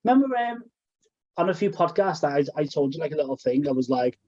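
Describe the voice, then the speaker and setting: A man's voice: a little high, sing-song, brisk, dark tone, dry recording, highs cut off. A young man co-hosting a podcast, chatting casually and rambling with restarts. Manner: rambling, full of fillers and restarts. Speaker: podcast co-host. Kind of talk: casual chat.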